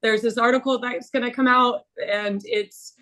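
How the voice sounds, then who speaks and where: A woman's voice: on the high side, fairly even intonation, bright, forceful tone. Woman telling a candid personal story. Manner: candid, halting, many fillers. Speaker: webinar panelist.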